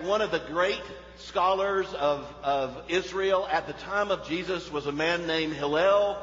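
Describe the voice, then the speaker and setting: A male pastor preaching a sermon, swinging between loud emphatic peaks and hushed low passages. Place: church sanctuary. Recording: echoey hall, dull sound.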